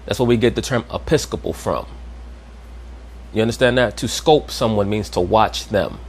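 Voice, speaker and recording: Low-voiced man lecturing on word origins. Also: moderate pace, husky. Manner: didactic, repeats "you understand?". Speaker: commentator. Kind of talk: lecturing commentary.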